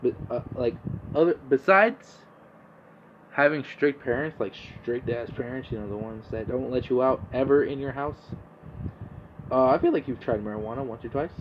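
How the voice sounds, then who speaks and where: A man's voice: mid-range voice, moderate pace, muffled recording, slight background noise. A young man hosting a casual monologue podcast, laid-back and rambling, swearing freely. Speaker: podcast host.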